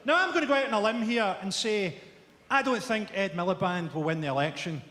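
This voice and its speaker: A Scottish man in his forties doing a stand-up routine before a live audience, delivering dry, dark one-liners with sharp punchlines. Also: high voice, lively intonation, fairly quick. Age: 40s. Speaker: stand-up comedian. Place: large theatre stage. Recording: echoey theatre stage with roaring crowd.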